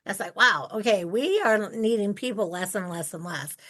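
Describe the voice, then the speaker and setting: A woman in her sixties from Ohio, hosting an interview podcast and telling animated stories with acted-out quotes. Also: mid-range voice, normal speed. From Ohio, United States. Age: 60s. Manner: animated storyteller, acts out quoted voices. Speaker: podcast host. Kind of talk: casual interview chat.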